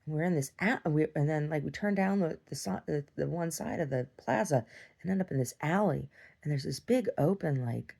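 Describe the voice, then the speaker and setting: Young woman, deep gravelly voice, rambling casual vlog confession. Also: animated, a little fast, mellow. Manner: meandering, many restarts and "like"s, swears casually. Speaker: video diarist. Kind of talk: rambling personal video diary.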